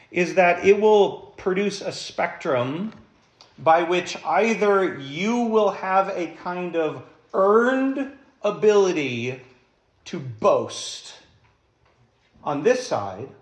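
A man's voice: high-pitched, echoey room. A man preaching a sermon as pastor, emphatic, putting rhetorical questions to the congregation.

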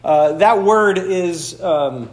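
A man's voice: high-pitched, expressive, very slow, echoey room. A man from the Upper Peninsula of Michigan, preaching a conversational sermon with playful asides, recorded in a church. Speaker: pastor.

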